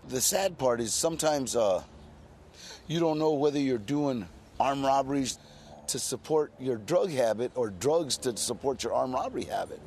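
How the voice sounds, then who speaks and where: Older man, sixties, from California, gravelly delivery, casual streetwise storyteller, faint background hiss. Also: mid-range voice, lively intonation, moderate pace, darkish tone. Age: 60s. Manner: laid-back, streetwise storytelling with frequent "you know". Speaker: interview guest.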